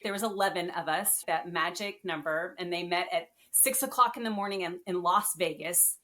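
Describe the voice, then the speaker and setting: A woman guest on a podcast, telling her story in a casual, animated and earnest way. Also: lowish voice, normal speed.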